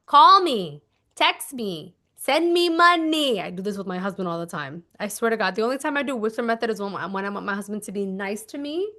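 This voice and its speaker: A woman's voice: mid-range voice, fast talker, hardly any pauses. A woman manifestation coach talking through her method in a casual teaching monologue. She is emphatic, repeats her instructions and keeps checking in with "okay?". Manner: animated, acts out little scenes.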